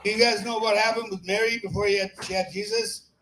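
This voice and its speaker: A man's voice: high voice, fairly even intonation, fairly quick, sharp tone. A man doing a crude, rambling open-mic stand-up set in a small bar, laughing at his own jokes on a handheld mic. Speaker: stand-up comic. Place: small comedy bar stage. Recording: echoey bar room.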